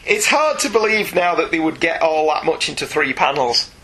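Bright, animated podcast guy. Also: fairly high pitch, rough recording. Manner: enthusiastic, animated, quick laughs. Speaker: podcast co-host. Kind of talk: casual chat about comics.

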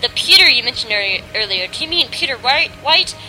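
A woman's voice: high-pitched, expressive, fairly quick, pushed and bright, full character voice, rough recording. A woman doing a curt, grumpy stern man. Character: grumpy stern man, clock tower keeper. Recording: music playing behind.

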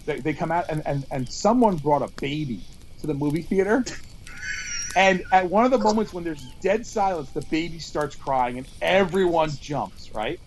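A man's voice: on the high side, normal speed, slight background noise, rough recording. A man co-hosting a podcast outdoors at a campfire, telling rambling stories, swearing and acting out quotes. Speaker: podcast co-host. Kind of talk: casual storytelling chat.

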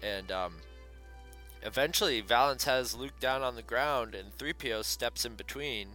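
Sex: man. Style: casual chat, co-hosting. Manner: rambling, filler-heavy storytelling. Tone: bright. Behind: faint music. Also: medium pitch, normal speed. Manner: rambling retelling with many fillers.

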